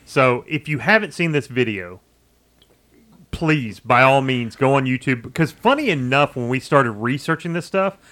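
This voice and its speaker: A man co-hosting a podcast in casual chat, animated and emphatic, swearing casually. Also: medium pitch, moderate pace. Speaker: podcast co-host.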